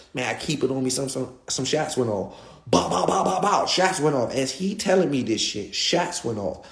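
A young man, a guest telling a story in animated, slangy style and repeating himself. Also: a little high, echoey room. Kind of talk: street storytelling.

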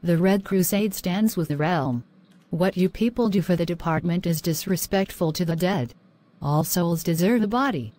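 A woman's voice: fairly low pitch, moderate pace, warm tone, close to an everyday voice. A woman voicing a defiant female overseer of a crusade in an audio drama, speaking in solemn, declamatory vows.

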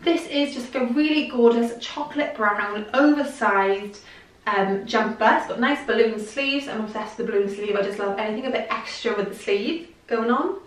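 A young woman gushes through a clothing try-on, chatty and a little breathless. Her fairly high voice is caught from a distance in a roomy, echoing space. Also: moderate pace. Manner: gushing, chatty, lots of "like" and "I love". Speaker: fashion vlogger. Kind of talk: casual try-on haul chat. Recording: echoey room, voice from off-mic.

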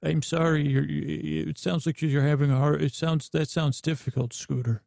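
A man voicing an apologetic male ship computer that pauses while processing and speaks gently. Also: a little high, fairly even intonation, creaky, no echo, studio quality. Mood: consoling. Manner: hesitant, slow-processing, soothing.

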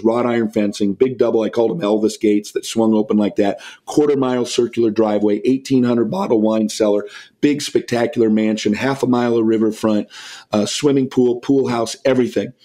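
A middle-aged man, a podcast guest, telling a personal anecdote and acting out the dialogue in it. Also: medium pitch. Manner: lively storyteller who acts out quoted dialogue. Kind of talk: anecdotal storytelling in an interview.

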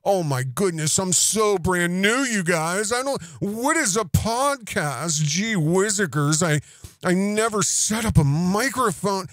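A man's voice: on the low side, animated, slow pace, gravelly, a little mellow, no room sound, pitched below the performer's own voice, heavily acted. A man putting on the voice of a gushing, fake-naive grown man who acts brand new to microphones, in exaggerated folksy gee-whiz talk. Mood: mocking.

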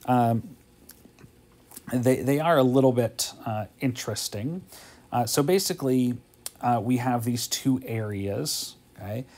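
A man's voice: mid-range voice, a little slow, a little mellow. Tired man thinking aloud through math. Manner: casual, thinks aloud, frequent "okay?" checks. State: tired, yawning. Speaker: math teacher. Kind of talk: homework walkthrough lesson.

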